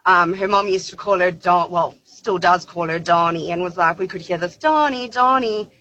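A woman's voice: lowish voice, flat delivery, normal speed, pushed and bright, lo-fi sound. A woman, calling in to tell a personal story in a chatty way with many fillers. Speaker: caller. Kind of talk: telling a personal story on radio.

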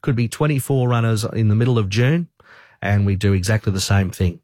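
A man who is a sports broadcaster, answering interview questions in a calm, measured voice. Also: fairly low pitch, no room sound, clean studio sound. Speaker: sports broadcaster and race caller.

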